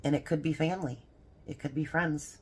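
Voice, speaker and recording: Older woman, grandmother type, low voice, rambling casual devotional chat with frequent laughs. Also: fairly even intonation, fairly quick, slightly rough. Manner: rambling, chatty, laughs often. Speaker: homestead vlogger.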